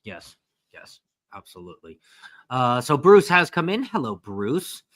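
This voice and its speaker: A man hosting a live cruise chat, animated and prompting his co-host with questions. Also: mid-range voice, measured pace. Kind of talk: casual live-stream chat.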